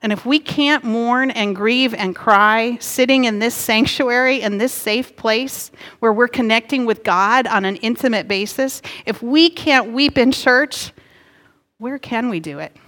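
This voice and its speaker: Woman pastor preaching in a reverberant sanctuary. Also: fairly high pitch. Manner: earnest, gently emphatic preaching. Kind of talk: sermon. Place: church sanctuary. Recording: long hall reverb.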